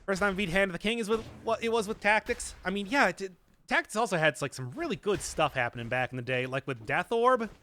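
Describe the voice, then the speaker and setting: A young man live-streaming a game, chatting casually and answering chat in an animated, self-mocking way. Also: high-pitched, fast talker. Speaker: gaming streamer.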